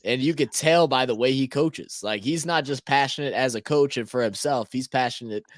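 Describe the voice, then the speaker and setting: A man talking sports casually as co-host, telling a story in an earnest, relaxed way. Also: mid-range voice, moderate pace, dry recording, studio quality.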